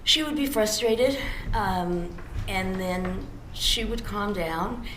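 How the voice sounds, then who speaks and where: A woman's voice: medium pitch, slow. A woman testifying as a witness in a courtroom, giving brief and polite answers. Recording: roomy courtroom feed with noise.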